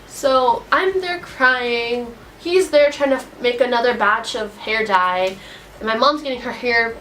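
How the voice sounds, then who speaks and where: A woman's voice: fairly high pitch, a bit bright, slight background noise. A teenage girl telling a storytime vlog in a casual, rambling way, upset and full of "like". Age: teens. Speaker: vlogger.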